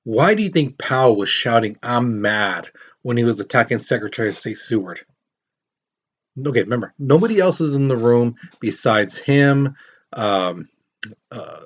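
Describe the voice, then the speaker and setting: A man's voice: medium pitch, husky, highs cut off. A man teaching a history lesson in a casual, storytelling way, acting out quotes and putting questions to his students. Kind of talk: casual classroom lecture.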